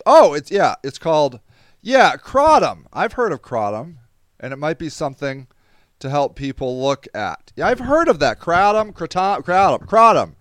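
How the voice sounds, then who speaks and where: Reading live chat aloud, a weary, congested podcast host rambles casually through his stream. His voice is fairly high with wide pitch swings, smooth and clear, recorded up close and dry with no room sound.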